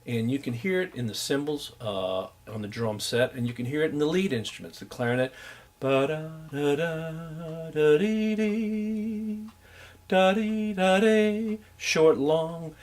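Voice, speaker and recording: A man's voice: mid-range voice, expressive. A man teaching a music class, loosely explaining jazz rhythm and scatting and humming the patterns to demonstrate. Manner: scats and hums rhythms to demonstrate; unhurried, loose, with many fillers. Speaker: music instructor. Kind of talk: recorded lecture.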